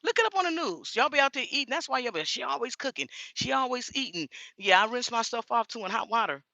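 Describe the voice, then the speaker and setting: A woman's voice: on the high side, sing-song, quick pace, sharp tone, no echo. A woman talking straight to her viewers in a casual vlog, blunt and indignant. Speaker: vlogger.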